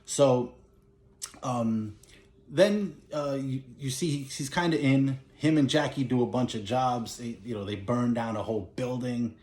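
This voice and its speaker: A man's voice: mid-range voice, unhurried, darkish tone, echoey room. A man casually recapping a movie plot in a rambling way, with lots of "you know" and "he's like". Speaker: movie collector recapping a film.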